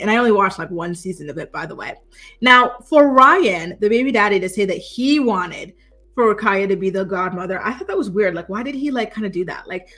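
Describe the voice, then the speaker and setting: A woman's voice: medium pitch, fairly bright tone. A woman in casual, chatty commentary, recapping a reality show with lots of gossipy asides. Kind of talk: casual chat.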